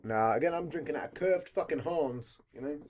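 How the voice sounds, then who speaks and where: A man's voice: on the high side, lively intonation, fairly quick, a little mellow. A man hosting a podcast, swearing constantly and talking in a rambling, blunt, casual way. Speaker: podcast host.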